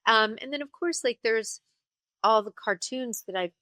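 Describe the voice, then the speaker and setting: A woman voice actor and singer chatting as an interview guest, telling stories in an animated way and slipping into character voices. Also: a little high, normal speed, no echo. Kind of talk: casual interview chat.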